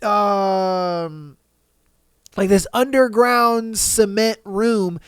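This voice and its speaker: Man, podcast host, casual reading of posts, animated reactions, crisp voice, dry booth. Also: sits high, extremely slow, dry recording. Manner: animated, swearing, acting out reactions.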